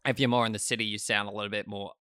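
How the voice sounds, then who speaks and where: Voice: medium pitch, flat delivery, very fast, a bit bright, clean tone, no echo, studio quality. A speaker with an Australian accent, chatting casually and laughing often. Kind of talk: casual chat.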